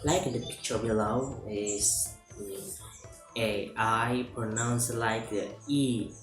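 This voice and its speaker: Slow, halting student reading notes. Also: mid-range voice, steady tone. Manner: halting, hesitant reading with fillers and self-corrections. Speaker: student presenting an assignment. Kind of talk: reading lecture notes aloud. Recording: roomy echo with music underneath.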